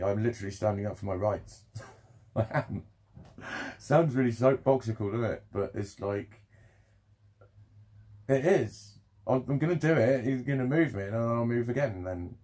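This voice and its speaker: A man's voice: fairly low pitch, dark tone, slightly rough. A young man talking candidly in a rambling, sweary vlog monologue, laughing often.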